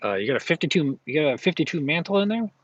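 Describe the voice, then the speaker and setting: A man putting on the voice of a boastful, nagging comic book collector who mumbles and keeps repeating himself. The voice sits noticeably higher than an ordinary man's speech, with a dull, slightly muffled sound. It is dry, with no room echo. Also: big pitch swings, very fast. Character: pushy braggadocious male comic book collector.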